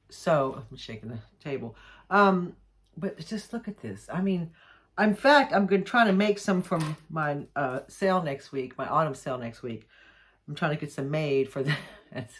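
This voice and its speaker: A woman chatting excitedly as she unboxes jewelry, gushing and often restarting her sentences. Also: low voice. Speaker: jewelry maker unboxing mail. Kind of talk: casual unboxing vlog chat.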